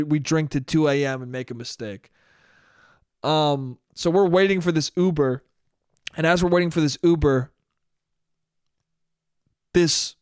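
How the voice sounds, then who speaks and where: Young man chatting solo, slightly high voice. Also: clean tone, dry recording, clean studio sound. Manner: loose, profane and conversational, with frequent restarts. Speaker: podcast host. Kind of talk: casual solo storytelling.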